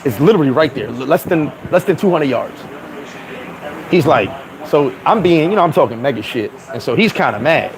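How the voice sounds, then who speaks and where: Casual male vlogger, slightly high voice, lively storyteller who swears freely, recorded outdoors with a crowd and traffic behind. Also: a little fast, poor audio. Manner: animated, swearing, acts out voices in stories. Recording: street crowd noise behind.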